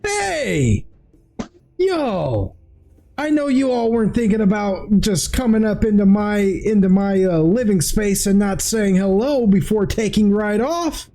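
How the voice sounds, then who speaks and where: Casting: a man doing a jovial elf wolf lord, high and mellow, teasing, over faint music. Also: lively intonation, unhurried. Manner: folksy, teasing, drawling.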